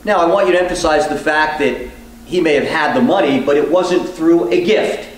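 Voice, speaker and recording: A man teaching as a law professor, speaking deliberately with measured pauses. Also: fairly high pitch. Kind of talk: teaching demonstration. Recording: echoey room, distant mic.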